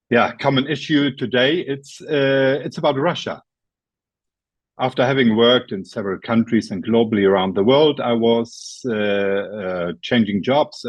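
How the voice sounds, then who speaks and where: A man's voice: medium pitch, no room sound. Hesitant man telling a story. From Germany. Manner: halting, many uh fillers. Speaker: guest speaker, logistics executive. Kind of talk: storytelling presentation. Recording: dull dry webinar audio.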